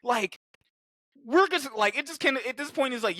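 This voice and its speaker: Excitable, cursing man with a high, lively voice. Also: moderate pace, no echo. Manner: excitable, swears a lot, acts out quoted lines. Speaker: podcast co-host. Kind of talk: casual chat.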